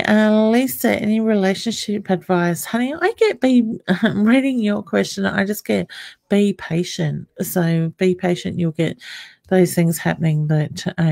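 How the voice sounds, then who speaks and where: This is a middle-aged psychic medium hosting a live stream. She reassures each viewer, calls them honey and drifts into stock filler phrases. Her voice sits low with a gravelly edge and sounds close and dry, with no room around it. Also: a little mellow, no echo. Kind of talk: live-stream audience readings.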